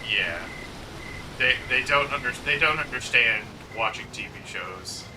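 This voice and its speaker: Picked up on a distant microphone against a noisy background, this man talks at medium pitch and a slightly slow pace. As co-host of a gaming chat, he keeps things casual, rambling, leaning heavily on "like," and making jokes at his own expense.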